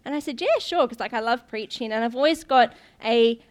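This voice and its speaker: A young woman preaches in a loose, chatty way, telling stories to her church with plenty of ums and restarts. Her voice sits a little high for a woman. She talks like she's catching up with family rather than giving a formal sermon. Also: expressive, fairly quick. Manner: chatty, laughs often, many ums and restarts. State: briefly tearful. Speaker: guest preacher, pastor's daughter. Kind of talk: informal sermon storytelling.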